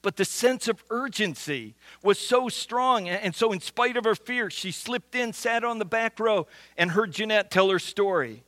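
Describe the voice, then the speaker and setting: A man preaching a sermon as pastor, earnest, slowing down to stress key lines and often restarting words. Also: high voice, fairly bright tone, no room sound. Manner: earnest, with frequent restarts and slow emphatic repetition.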